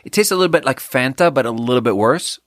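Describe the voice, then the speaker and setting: A man's voice: mid-range voice, expressive, quick pace, a bit bright, dry recording, studio quality. Rambling man, casual podcast chat. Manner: rambling, self-deprecating, trails off and restarts. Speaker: podcast host.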